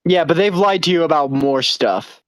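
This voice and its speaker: Man, podcast co-host, sarcastic casual banter, smooth resonant voice, close dry recording. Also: on the high side, moderate pace, no room sound, rough recording. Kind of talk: casual comedic chat.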